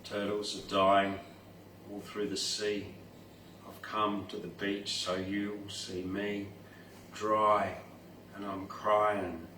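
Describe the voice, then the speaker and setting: A man's voice: lowish voice, fairly even intonation, measured pace, a bit bright. A sorrowful young sea turtle , as a male poet reads it. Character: grieving young sea turtle pleading for help. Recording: roomy distant mic, faint noise.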